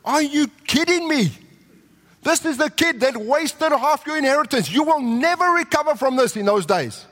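A man preaching a sermon, telling the story with animated delivery and acting out the characters' voices. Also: very high voice, normal speed. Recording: long hall reverb.

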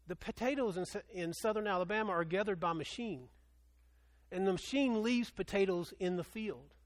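A man preaching a sermon, telling a story with animation, swinging from loud excitement to hushed earnestness. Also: high voice, normal speed. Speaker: pastor.

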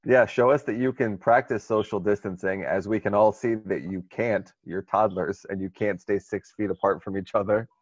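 A man's voice: lowish voice, steady tone, moderate pace, few pauses, no echo, muffled recording. A man co-hosting a podcast, talking casually with crude, sarcastic jokes and frequent laughs. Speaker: podcast co-host.

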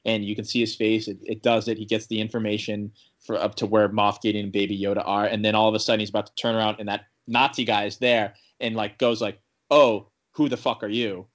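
A man's voice: fairly low pitch, quick pace, few pauses. A young man casually recapping a TV episode, rambling with many "like" fillers and acting out the characters' lines. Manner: rambling, full of "like" fillers and restarts; animated retelling with quoted character lines. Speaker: podcast co-host recapping a TV episode. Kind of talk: casual chat.

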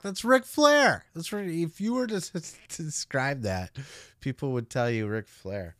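A man's voice: a little high, lively intonation, a little slow, a bit bright, dry recording, studio quality. A man hosting a podcast, giving casual solo commentary in a blunt, profane, opinionated way. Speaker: podcast host.

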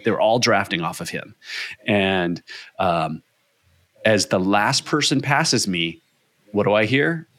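A man, a podcast guest, telling a race story in casual chat with excited energy and free swearing. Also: on the low side, slow pace, pauses often, no echo.

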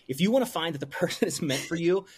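A man's voice: a little high, lively intonation, quick pace, breathy edge. A man in his forties, a brewery owner interviewed as a guest, talking openly and with feeling, rambling and restarting as he goes. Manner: open and heartfelt, rambling with restarts. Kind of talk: emotional interview conversation.

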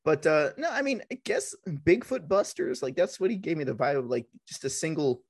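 A man co-hosting a podcast in casual chat, laid-back and joking, with halting fillers. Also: on the high side, lively intonation, breathy edge, dry recording, clean studio sound. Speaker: podcast co-host.

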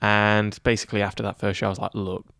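Low-voiced chatty young man. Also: flat delivery, fast talker, creaky, a bit bright, no room sound, studio quality. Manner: chatty and self-deprecating, many fillers. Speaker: head of news at student radio. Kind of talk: casual interview chat.

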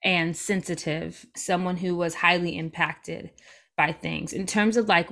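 A woman's voice: lowish voice, a bit bright. A young adult woman speaking as a guest in a casual interview, reflective and open, with light laughs as she talks.

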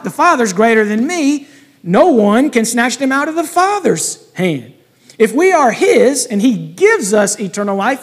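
Guy pastor preaching, pretty high voice, gets fired up and emphatic, big echoey church sound. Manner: emphatic, rising to fervent reading of scripture and quotes. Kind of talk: sermon. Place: church sanctuary. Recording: long hall reverb.

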